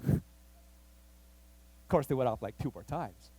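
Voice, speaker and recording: A man pastor telling a story in a sermon, animated and acting out the voices of the people in it. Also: mid-range voice, measured pace, slightly rough. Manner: animated, acts out quoted voices, rising excitement. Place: church.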